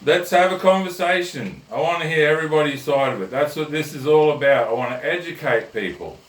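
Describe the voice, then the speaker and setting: A man's voice: on the high side, brisk. A man, hosting a comic rant with a blunt, crude, conversational manner. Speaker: host. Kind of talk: comic rant and joke telling. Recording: roomy echo, mic at a distance.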